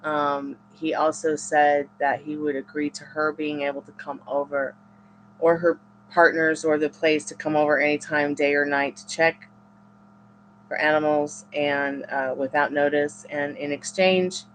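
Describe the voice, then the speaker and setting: A woman reading tarot on a live stream, chatting casually with viewers and rambling in halting, restarting sentences. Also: low voice, flat delivery, a little hiss or hum.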